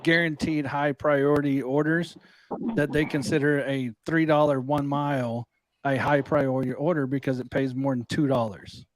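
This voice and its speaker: A man's voice: medium pitch, steady tone, moderate pace, rough recording. A man co-hosting a casual live stream, reasoning things through in an easygoing way with many fillers.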